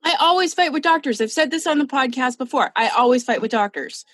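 A woman's voice: high-pitched, lively intonation, fast, dry recording. A woman hosting a true crime podcast, chatting casually in a blunt, profane way. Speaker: podcast host telling a true crime case.

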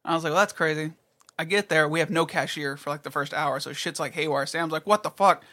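A young man in casual chat with friends, telling an animated story, swearing freely and acting out what people said. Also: fairly high pitch, quick pace. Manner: animated storytelling, heavy swearing, acts out quotes.

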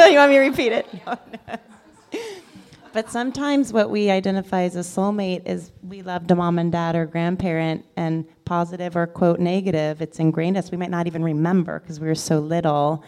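A woman teaching an audience about soulmates in a slow, deliberate talk. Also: lowish voice, fairly even intonation, mellow. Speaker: speaker, spiritual teacher.

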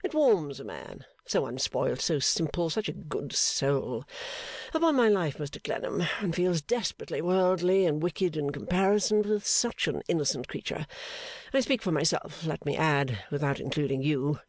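A man voicing an airy, cynical gentleman painter who talks with breezy enthusiasm. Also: fairly high pitch, big pitch swings, moderate pace, dry recording. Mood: airy, mocking.

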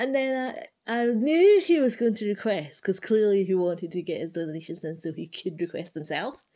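A woman's voice: mid-range voice, dark tone. A woman in casual chat about running her game clan, rambling and exasperated, full of fillers. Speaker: clan leader.

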